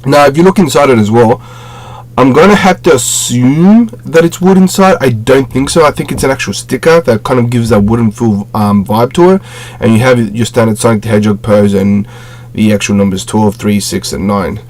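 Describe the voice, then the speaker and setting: A man's voice: medium pitch, normal speed, a little mellow. A man casually reviewing a collectible on a webcam at home, rambling, with many fillers and self-corrections. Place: home room with display shelves.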